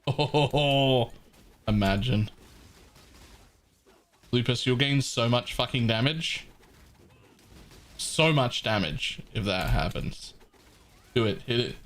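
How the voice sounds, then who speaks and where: A man's voice: medium pitch, animated, slow, pauses often, a bit bright. An Australian man in his thirties streaming a game live from his home room, chatting casually with viewers in a blunt, joking way and swearing freely.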